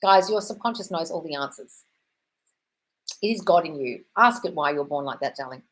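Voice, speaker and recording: A woman's voice: on the low side, expressive, fast, fairly bright tone, low-quality recording. Woman doing a live q&a, swears a lot, calls everyone darling, blunt and gushy. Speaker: livestream host reading viewer comments. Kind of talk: casual live Q&A chat.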